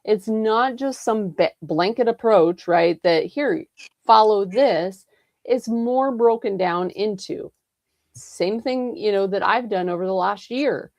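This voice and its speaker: A woman explaining her ideas earnestly in a group talk, at a middle pitch. She keeps checking in with her listeners as she goes, and the recording is dry and close, with no room echo. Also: unhurried, darkish tone, highs cut off. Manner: earnest, explanatory, frequent "right?" and "you know". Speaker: roundtable participant, health coach. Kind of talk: casual roundtable chat.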